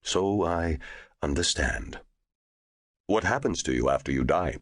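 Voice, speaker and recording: A man voicing a huge, genial angel in human form who talks in a slow, scoffing drawl. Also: low voice, lively intonation, dry recording, studio quality, full character voice.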